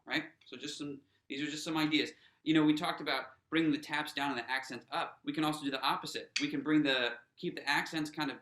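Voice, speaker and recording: A man's voice: medium pitch, a bit bright, echoey room, low-quality recording. A man teaching a snare drum workshop in a casual, encouraging way, with lots of fillers and restarts. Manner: counts players in aloud.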